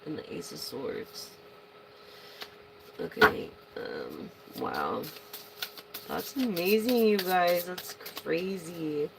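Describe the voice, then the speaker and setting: A woman giving a casual tarot reading to her viewers, chatty and excitable, swearing freely and breaking into loud bursts. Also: fairly low pitch, very slow, gravelly, long pauses, very noisy. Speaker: tarot reader.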